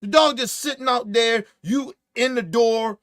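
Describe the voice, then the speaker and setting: Guy with a high voice ranting on his podcast, cussing a lot, acts out quotes, dead dry mic. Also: unhurried, no room sound. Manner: profane, animated storytelling with acted-out quotes. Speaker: podcast host. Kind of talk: casual opinionated commentary.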